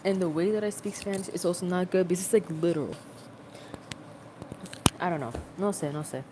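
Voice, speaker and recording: A woman's voice: lowish voice, fairly quick, noisy background. A young adult woman rambling in a casual, self-mocking livestream chat, recorded on a phone.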